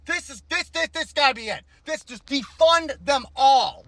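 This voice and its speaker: A woman reacting to a video with outrage, swearing and shouting in bursts. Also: high-pitched, animated, takes it slowly, dry recording. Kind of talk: emotional reaction commentary.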